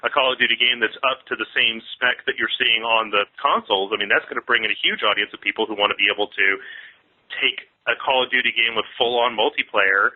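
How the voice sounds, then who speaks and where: A man calling in to a gaming show who explains his ideas quickly and with enthusiasm. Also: medium pitch, fairly even intonation. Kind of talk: casual call-in chat. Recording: tinny phone line.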